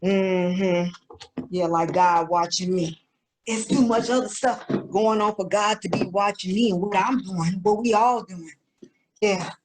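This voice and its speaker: A woman voicing a sassy young woman looter in a comedic skit, boastful and slangy with drawn-out exclamations. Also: medium pitch, steady tone, a little mellow, lightly acted, low-quality recording. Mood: gossipy.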